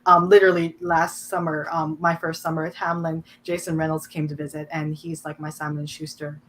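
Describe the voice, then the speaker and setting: A woman's voice: low voice, a little fast, slight background noise. A woman author chatting on a video call, telling stories with lots of "um" and "like". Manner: lively, chatty storytelling, many fillers. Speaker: guest author. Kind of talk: casual panel chat.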